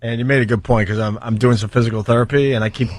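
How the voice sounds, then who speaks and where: A man's voice: medium pitch, fairly even intonation, racing, dry recording. A man with an ordinary mid-range voice hosts a radio show, introducing callers with dry, easygoing wit. The studio recording is close and dry. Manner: easygoing, takes calls, wry. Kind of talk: casual radio chat. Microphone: studio microphone.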